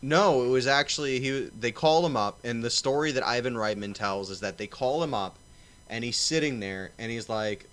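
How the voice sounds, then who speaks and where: A man's voice: mid-range voice, normal speed, fairly bright tone. A man co-hosting a casual chat, rambling through anecdotes and retelling stories in quoted voices. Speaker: podcast co-host.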